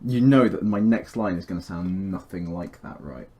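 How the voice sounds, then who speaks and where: A man's voice: deep voice, lively intonation, moderate pace, warm tone, slight background noise. A man recording game voice lines, chatting casually between takes and laughing at himself. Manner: self-deprecating, laughing at his own takes.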